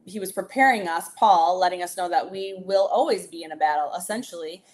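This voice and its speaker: A woman's voice: on the low side, fairly quick. Thoughtful woman co-host. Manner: thoughtful, affirming, adds reflections. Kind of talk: casual Bible discussion.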